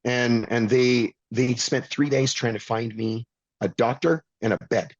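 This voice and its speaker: A man's voice: medium pitch, measured pace, no room sound, muffled recording. A middle-aged man telling a blunt, intense personal story as a podcast guest, swearing freely. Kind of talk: candid storytelling.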